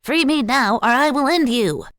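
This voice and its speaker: A woman voicing a tiny dog, once a mafia man, with a squeaky, helium-like voice, furious and helpless. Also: expressive, normal speed, fairly bright tone, dry recording, clean studio sound. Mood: frantic.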